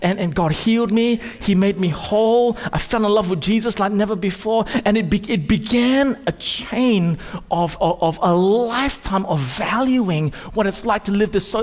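A man preaching a sermon, swinging between loud, urgent rises and quiet, intimate drops. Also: sits high. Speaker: pastor. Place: church hall. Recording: long hall reverb.

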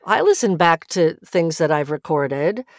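A woman, an audiobook narrator and acting teacher, talking in a podcast interview, animated, laughing often and restarting phrases. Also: deep voice, a little slow, no room sound, studio quality.

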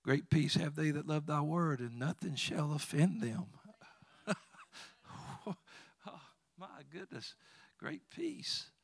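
Speaking slowly with a creaky, lively intonation, a male pastor delivers a sermon in a fairly high voice. He quotes scripture with mounting fervor and chuckles through asides between points, all captured in a dry, close recording.

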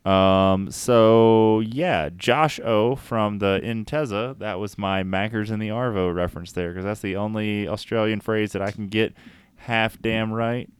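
A man's voice: fairly low pitch, unhurried, smooth, dry recording. A man co-hosting a casual podcast who jokes around and rattles through long lists of names. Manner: joking, rattles off name lists. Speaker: podcast co-host. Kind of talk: casual chat.

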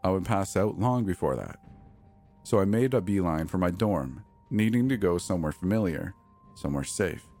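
A man reading a first-person horror story as the show's narrator, in a measured, tense way. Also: low-pitched, lively intonation, a little mellow, faint music behind.

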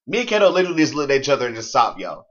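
A man co-hosting a casual music review chat, animated and slangy, often talking over his co-host. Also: mid-range voice, rapid-fire, muffled recording.

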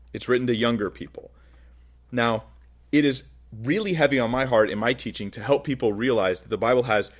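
A man preaching a sermon, teaching verse by verse from scripture with animated, rising and falling emphasis. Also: mid-range voice. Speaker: pastor.

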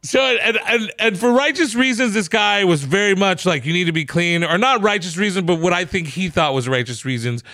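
A man's voice: high voice, moderate pace, hardly any pauses, no echo. A man hosting a casual podcast, telling a profane comedy-club story and acting out the quotes. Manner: animated, profane, acts out quotes.

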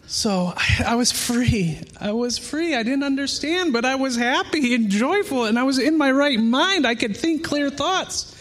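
A man's voice: extremely high pitch, animated, a little slow, hardly any pauses, a bit bright. A man in his thirties preaching a sermon, earnest and emotional, mixing personal testimony with scripture in a conversational way. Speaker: pastor.

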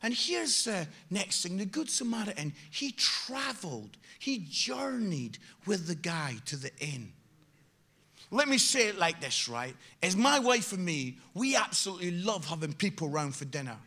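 A British man preaching a sermon full of funny personal stories, with lively swings from loud exhortation to quiet asides. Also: high-pitched, a little slow. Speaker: guest preacher. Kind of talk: sermon with humorous storytelling.

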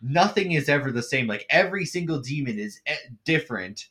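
A man's voice: medium pitch, animated, fairly quick, sharp tone. A man in casual chat about an anime, laughing often, swearing casually and acting out reactions.

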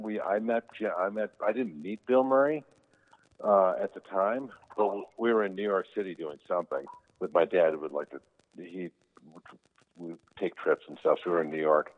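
Man, very low voice, animated storyteller, narrow phone-like sound. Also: moderate pace. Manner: animated, quotes people in raised voices. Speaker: guest telling stories about his brother. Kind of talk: casual anecdotal storytelling. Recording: tinny phone-like line.

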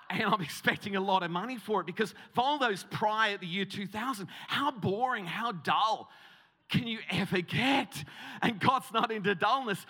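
A man preaching, his voice high and bright. He tells a comic story about himself and stumbles into many restarts. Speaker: guest preacher. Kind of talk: humorous sermon story.

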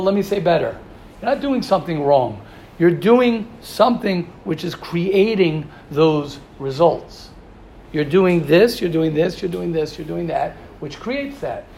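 A gravelly-voiced man speaks with a lilt, teaching students in a yeshiva class. He repeats his points and fires off rhetorical questions, his voice sitting somewhat high. A faint hiss runs underneath. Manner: animated, repetitive, rhetorical questions. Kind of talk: Torah class talk to students.

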